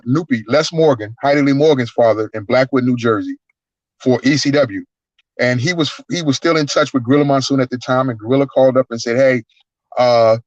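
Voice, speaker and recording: A man, a guest wrestler, telling stories in an animated, profane way and acting out the voices. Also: medium pitch, no echo. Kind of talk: casual storytelling. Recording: dull lo-fi, dry sound.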